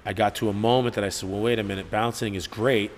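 A man tells stories in a low-pitched voice. He is profane and animated, and he acts out what people said. The recording carries long reverb from a gym and faint background noise. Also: quick pace. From Newark, New Jersey. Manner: profane, animated storyteller who acts out quotes. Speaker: gym owner and head coach, podcast guest. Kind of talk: casual storytelling interview. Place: martial arts gym.

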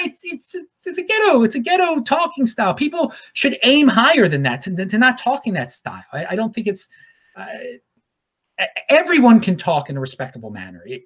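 A man's voice: high voice, huge pitch swings, a little fast, a bit bright. A man from Baltimore hosting his own show in a rambling, off-the-cuff casual monologue. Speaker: show host.

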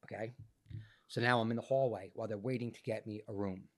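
A man, an actor guest on a podcast, telling a story in a profane, animated way, his voice changed by illness. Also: lowish voice, fast. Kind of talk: casual podcast interview storytelling.

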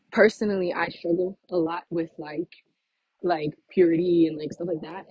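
A woman's voice: fairly low pitch, darkish tone, slightly rough, dry recording, lo-fi sound. A young woman venting casually to her followers, chatty and exasperated, with laughing asides, a little out of breath from walking outdoors. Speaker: vlogger. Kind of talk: casual vent to camera.

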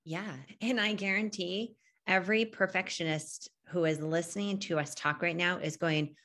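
A woman with a low voice speaks in a relaxed podcast chat. She talks earnestly and reflectively, now and then acting out what other people say. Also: moderate pace. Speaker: podcast co-host. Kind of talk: casual podcast conversation.

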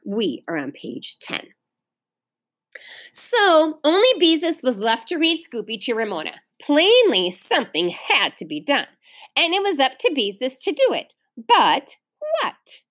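A woman teacher reading a children's novel aloud to her class, pausing to talk to the children. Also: high voice. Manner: expressive storytelling, pauses to explain to children.

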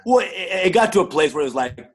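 Husky high-voiced brash comedian man. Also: very animated. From Texas. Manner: brash, profane, fast bursts. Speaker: comedian, guest. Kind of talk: casual chat.

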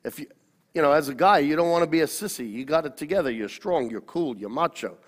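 A man's voice: on the high side, expressive, fast talker. A man, a pastor telling his personal story in an interview, earnest and often correcting himself. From Australia. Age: 60s. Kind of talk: personal testimony. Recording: long hall reverb.

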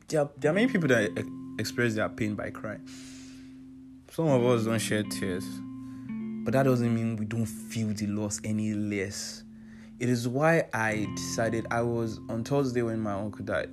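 A young Nigerian-accented man speaks in a low, earnest voice, talking straight to his listeners in a casual heartfelt monologue. He presses his points by repeating them. Clear guitar music plays behind him. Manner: earnest, emphatic, repeats himself for stress. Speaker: vlogger sharing personal advice. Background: soft guitar music.

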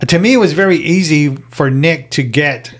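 A man's voice: fairly high pitch, moderate pace, a little hiss or hum. A man co-hosting a casual podcast, arguing his opinions about a reality show. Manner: opinionated, argues his view. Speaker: podcast co-host.

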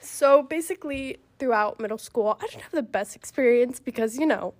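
A young woman telling a personal story in a casual chat, emotional and halting, with many fillers. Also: fairly high pitch. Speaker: guest.

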